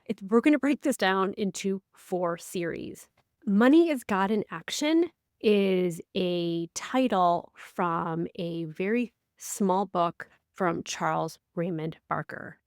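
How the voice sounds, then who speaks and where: A woman co-hosting a casual podcast, a life coach who tells stories with lively, acted-out quotes. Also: slow pace, dry recording, clean studio sound. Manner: animated storyteller, acts out quotes with big pitch swings.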